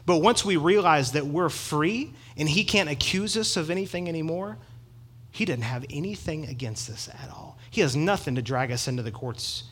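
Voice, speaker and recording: Bright, high-voiced preaching man. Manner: emphatic, swings between loud and hushed; quotes scripture with rising passion, jokes with the congregation. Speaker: pastor. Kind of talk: sermon. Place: church.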